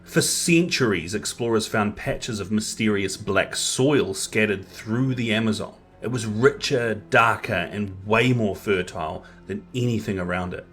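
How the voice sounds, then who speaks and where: Low-voiced man explaining a science find. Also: measured pace, hardly any pauses, fairly bright tone, soft background music.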